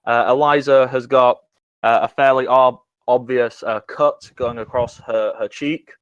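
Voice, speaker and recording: A man runs a tabletop game as game master and narrates in a mid-pitched, halting voice full of fillers. The recording is close and dry with no room echo. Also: steady tone, clear, resonant tone, lo-fi sound.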